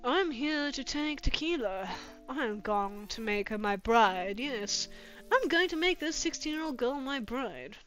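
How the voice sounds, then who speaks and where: A woman's voice: sits high, animated, a little slow, fairly bright tone. Woman hamming up a creepy old vampire man. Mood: gloating. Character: creepy old male vampire claiming a bride. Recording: dull lo-fi with music behind.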